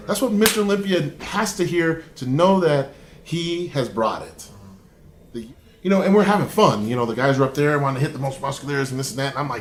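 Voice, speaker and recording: A man being interviewed as a competitive bodybuilder, telling his story in a lively, profane way and acting out what he said back then. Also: on the high side, fairly quick, very noisy. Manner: lively and profane, acts out his own past lines. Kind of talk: animated storytelling in conversation. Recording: roomy echo.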